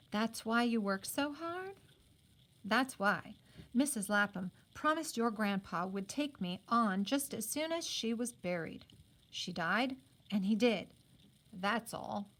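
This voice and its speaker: A woman's voice: medium pitch, fairly bright tone. A woman teacher reading a children's novel aloud, stopping now and then to explain the story to her students. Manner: unhurried, stops to explain to students.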